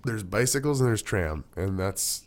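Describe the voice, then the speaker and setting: Laid-back, low-voiced American man. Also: expressive, normal speed. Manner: laid-back, profane talker. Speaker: podcast guest. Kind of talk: casual chat.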